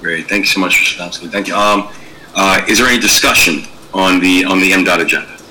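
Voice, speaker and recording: Man chairing an official meeting, low and forceful, courteous. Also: steady tone, fast, slight background noise, low-quality recording. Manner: courteous, thanks each speaker. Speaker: governor chairing a public board meeting.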